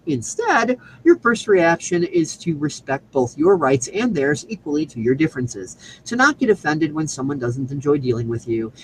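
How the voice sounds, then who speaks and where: A man's voice: on the high side, lively intonation, normal speed, few pauses, a little hiss or hum, low-quality recording. A man hosting a show, delivering an emphatic, preachy scripted monologue with casual profanity. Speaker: show host.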